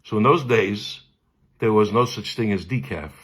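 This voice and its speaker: A man, a cantor telling a humorous personal story with animated delivery and frequent laughs. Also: lowish voice, normal speed, slightly rough. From Brooklyn, New York. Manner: animated, laughs often, acts out voices.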